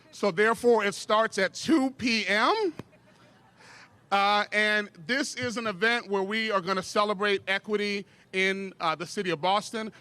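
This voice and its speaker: A man in his forties giving an energetic outdoor rally speech, leading call-and-response with plenty of ums. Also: high voice, smooth, no room sound. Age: 40s. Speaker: event speaker, business owner. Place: outdoor city plaza event.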